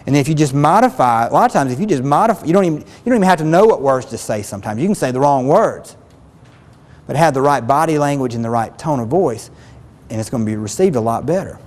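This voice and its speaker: A man's voice: mid-range voice, animated, quick pace, in a large hall. A man giving a spoken self-help lesson as a relationship counselor, earnest and plain-spoken, often repeating himself.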